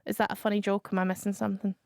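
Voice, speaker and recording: A woman's voice: mid-range voice, level tone, rapid-fire, vocal fry, a little mellow, dry recording, studio quality. A woman hosting a radio show, chatting playfully and laughing often as she slips into silly impressions. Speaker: radio host. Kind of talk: casual comedic chat.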